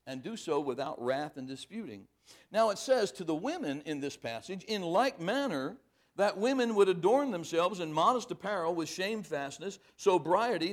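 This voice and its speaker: A man preaching a sermon, reading scripture aloud and pressing each point hard, then dropping to quiet asides. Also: high voice, expressive, normal speed.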